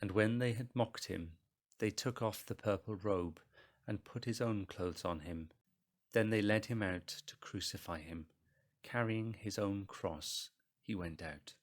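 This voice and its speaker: A man reading a Bible passage aloud in church, measured and steady, raising his voice for the crowd's shouts. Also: lowish voice. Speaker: scripture reader.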